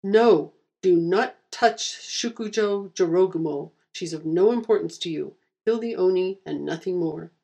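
A woman's voice: on the low side, moderate pace, gravelly, warm tone. A woman voicing a small, bossy male hare guardian who speaks primly and insistently and gets huffy. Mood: indignant. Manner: prim, insistent, easily huffy.

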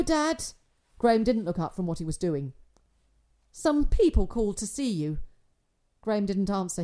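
A woman's voice: mid-range voice, warm tone. A woman narrating a story in a dry, wry storytelling manner.

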